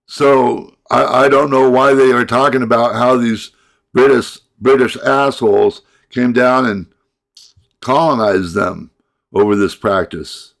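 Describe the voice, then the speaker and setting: A middle-aged man in a rambling monologue rant, halting and repeating his words, breaking into sighs and angry outbursts. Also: medium pitch, fairly even intonation, creaky. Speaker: vlogger.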